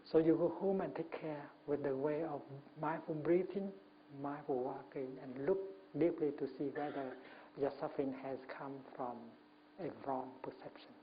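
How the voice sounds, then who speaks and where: A man, a Buddhist monk, giving a Dharma talk at a retreat, speaking gently in short phrases with many pauses and fillers. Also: fairly high pitch, steady tone. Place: retreat talk before an audience. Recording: muffled lo-fi recording with faint hum.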